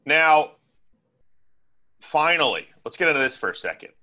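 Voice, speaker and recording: A man co-hosting a podcast, chatting casually with animated, joking asides. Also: fairly high pitch, normal speed. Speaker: podcast co-host.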